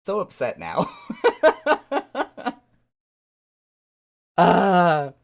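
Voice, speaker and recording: A game streamer chatting casually with live viewers, animated and quick to laugh, who trails off and repeats words while searching for them. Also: medium pitch. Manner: animated, excitable, laughs often.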